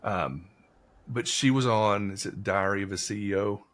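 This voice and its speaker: A man's voice: lowish voice, moderate pace. A man telling a story in a casual podcast conversation, rambling, with many fillers.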